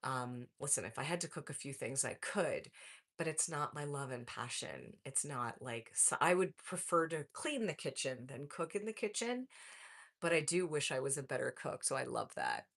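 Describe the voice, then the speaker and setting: A woman in her forties with a low-pitched voice hosts a casual live stream. She reads viewer comments and answers them in an upbeat, friendly way, calling the viewers folks. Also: animated, normal speed, vocal fry, a bit bright. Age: 40s.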